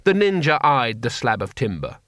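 Expressive male audiobook narrator, lively pitch, dry booth sound. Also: normal speed, no room sound. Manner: expressive storytelling. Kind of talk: scripted narration.

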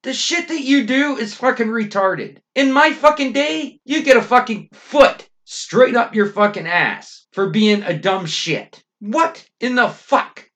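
A man's voice: very high voice, animated, a little slow, hardly any pauses, a bit bright. A middle-aged Canadian man hosting a podcast, ranting angrily with constant swearing and emphatic outbursts. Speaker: podcast host. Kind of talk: profane ranting monologue.

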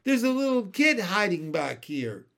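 Storybook read-aloud: nosy shouting schoolboy, raised and eager, done by a male narrator. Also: high voice, slow, gravelly, pitched above the performer's own voice, exaggerated voice. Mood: excited. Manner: shouting, curious. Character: loud nosy schoolboy on the playground.

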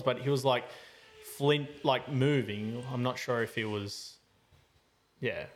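Aussie bloke on a podcast, animated rambly storytelling, lots of slang. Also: male voice, medium pitch, unhurried. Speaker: podcast host. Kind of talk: casual storytelling chat.

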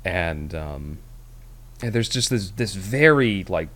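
Podcast co-host, male, low-pitched, loose rambling delivery with lots of fillers. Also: lively intonation, slow, a bit bright. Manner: rambling, many fillers and restarts. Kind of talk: casual movie review chat.

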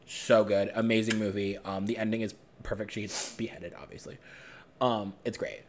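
A man's voice: on the low side, level tone, moderate pace, a little hiss or hum. A young man co-hosting a podcast, chatting casually and gushing over favorite movies in a campy way. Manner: gushing, quotes movie lines in campy voices. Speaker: podcast co-host. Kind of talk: casual chat.

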